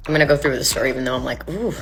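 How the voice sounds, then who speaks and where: Low-voiced woman telling a story. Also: very fast. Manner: chatty, full of "like" and acted quotes. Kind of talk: storytime video.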